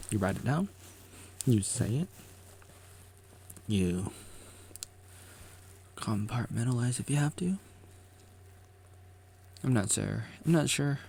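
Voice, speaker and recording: A man with a deep, heavily gravelly voice muses slowly in a motivational vlog. He rambles, circles back and repeats phrases, and breaks off to joke with himself. His pitch swings widely from line to line. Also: a little mellow, slight background noise. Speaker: vlogger.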